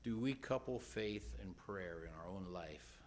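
A man preaching a sermon in church, earnest, moving between loud questions and hushed retelling. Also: deep voice, unhurried, a little hiss or hum.

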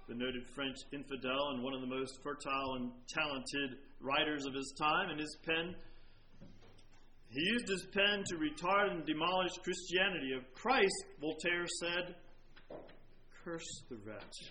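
A man preaching a sermon, dramatic, dropping to a hush and then swelling loud as he quotes dying men. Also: a little high, normal speed, a little hiss or hum, poor audio. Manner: dramatic, swings from hushed to loud when quoting.

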